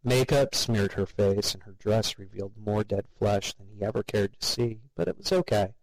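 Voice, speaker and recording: Low-voiced man telling a story. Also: moderate pace, dry recording, rough recording. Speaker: narrator. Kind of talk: storytelling narration.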